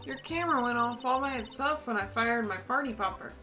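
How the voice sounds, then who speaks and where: A woman's voice: fairly high pitch, brisk, pushed and bright, soft background music. Woman reading an earnest young lawyer's lines. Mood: questioning. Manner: plain questioning.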